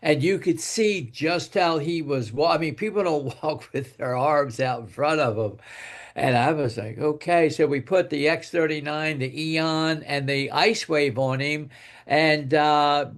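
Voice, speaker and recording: An older man with a slightly high voice tells a long personal story in a loose, rambling way. He repeats himself often and goes quieter when he quotes what was said. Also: a little slow. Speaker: guest speaker telling a testimonial. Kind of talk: casual storytelling.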